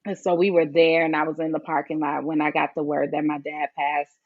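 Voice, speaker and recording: A woman's voice: low voice, little pitch movement, a little fast, dry recording, narrow, tinny audio. A woman guest speaking earnestly and reflectively in an interview, telling a personal story. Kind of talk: conversational interview.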